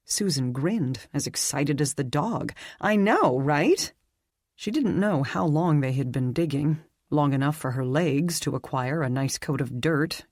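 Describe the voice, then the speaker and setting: A narrator reading a dark fantasy novel aloud with a measured, even storytelling delivery. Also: medium pitch, dry recording, studio quality. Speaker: audiobook narrator. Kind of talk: scripted audiobook narration.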